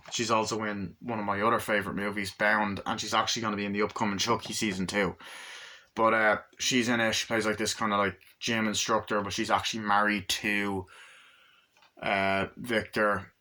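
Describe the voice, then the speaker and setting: A man's voice: lowish voice, bright, forceful tone. A man giving a casual movie review, recapping the plot in a loose, rambling way with casual swearing.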